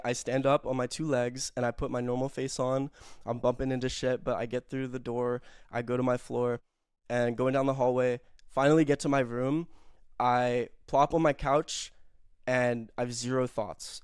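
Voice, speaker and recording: A man's voice: medium pitch, a little mellow, smooth, no room sound, clean studio sound. A young man telling a rambling, self-mocking story in casual chat, full of fillers and swearing.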